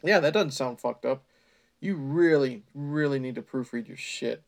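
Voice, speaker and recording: A man's voice: medium pitch, normal speed. A man doing a comedic read-aloud of bad fan fiction, breaking off into sarcastic, exasperated, profane asides. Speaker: reader.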